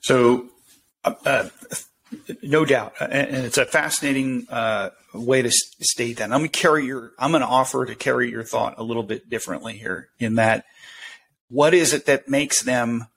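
Professor guy on a podcast, gravelly voice, lots of uhs, bit of hiss behind. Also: mid-range voice, moderate pace, a bit bright. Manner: hesitant, many fillers. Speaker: guest professor. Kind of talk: interview conversation.

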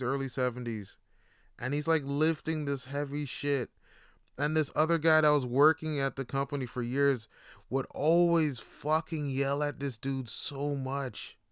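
A man's voice: a little high, a bit bright, smooth, no echo, clean studio sound. A young man, hosting a podcast and telling profane, rambling stories with laughter. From Canada. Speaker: podcast host. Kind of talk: casual monologue.

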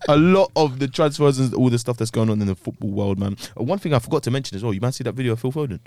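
A man's voice: mid-range voice, animated, a little mellow, no echo. A young man hosting a casual football podcast, bantering with slang. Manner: fast banter with slang and laughs. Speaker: podcast host.

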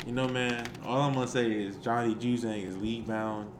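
A man's voice: medium pitch, fairly even intonation, fairly quick, noisy background. A young man co-hosting a podcast in casual chat, joking and restarting his sentences. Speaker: podcast co-host.

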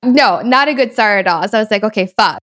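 A woman's voice: a little high, expressive, quick pace, fairly bright tone. Chatty young woman telling a story. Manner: chatty storyteller, many fillers, frequent laughs. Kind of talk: casual chat.

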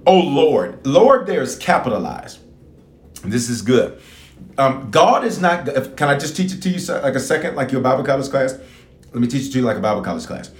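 Bishop preaching to online viewers; lively, repetitive delivery, echoey room. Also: male voice, medium pitch. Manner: animated preaching, repeats phrases for emphasis, talks to online viewers. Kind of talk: live-streamed sermon and prayer.

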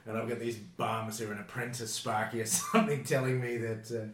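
A man's voice: mid-range voice, little pitch movement, brisk. A young Australian man, a former bouncer, chatting casually as a podcast guest, rambling, laughing and swearing freely. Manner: laid-back, rambling, swears, laughs often. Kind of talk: casual chat. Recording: roomy echoey room, faint ambience.

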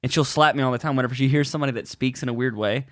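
A man co-hosting a comedy podcast, chatting in a rambling, animated way and telling stories. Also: mid-range voice, rapid-fire, no echo, studio quality. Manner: animated, rambling, mimics voices. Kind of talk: casual storytelling chat.

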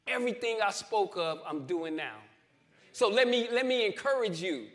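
A man's voice: sits high, sing-song, normal speed. A man preaching his testimony in church, with emphatic repeats and call-and-response swells toward the congregation. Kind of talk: testimony sermon.

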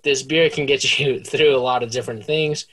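A man of middle pitch talks through a beer review in a dry, unhurried way. He sounds self-mocking and laid back, with frequent pauses and restarts. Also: fairly even intonation, a bit bright. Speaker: podcast co-host. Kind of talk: casual beer review chat.

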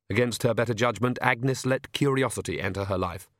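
A man narrates a comic novel in a measured, wry voice. His pitch sits in an ordinary middle range. The recording is dry, with no room sound. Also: no room sound. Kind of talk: audiobook narration.

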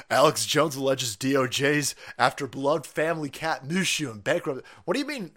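A man's voice: mid-range voice, big pitch swings, normal speed. Profane ranting livestream man. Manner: profane, sarcastic, shouting outbursts. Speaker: livestream host. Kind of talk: ranting political commentary.

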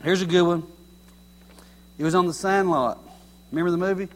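A middle-aged man preaching a sermon in a folksy, animated way, mocking common everyday sayings. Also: high-pitched, fairly quick.

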